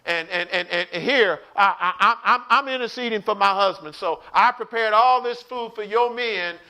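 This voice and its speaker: Pleading wife, put on by a male preacher, stammering apology, high bright voice. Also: normal speed, vocal fry, heavily acted. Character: pleading wife begging for her household.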